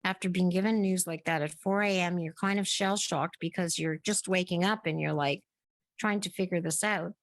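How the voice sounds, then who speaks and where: A woman's voice: fairly low pitch, steady tone, normal speed, dry recording. Middle-aged woman telling a long story. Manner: narrates at length, acting out remembered dialogue. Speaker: podcast guest. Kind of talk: casual interview storytelling.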